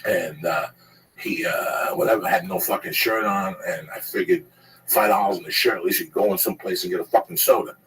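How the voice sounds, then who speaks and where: A man's voice: low voice, brisk, a bit bright, distant mic, low-quality recording. A man telling a rambling, profane story in casual chat, laughing at his own tale.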